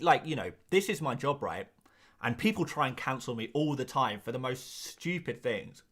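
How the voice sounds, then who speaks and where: A man hosts a fantasy football livestream in a medium-pitched, slightly bright voice. Reading viewer comments, he chats casually and rambles on, breaking off for quick asides and laughs.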